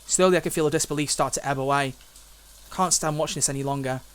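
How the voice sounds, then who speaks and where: A young man streaming, reading a visual novel aloud and breaking off into emotional, loud reactions. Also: a little high, fast talker, clean tone. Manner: emotional, swings from hushed reading to loud exclamations.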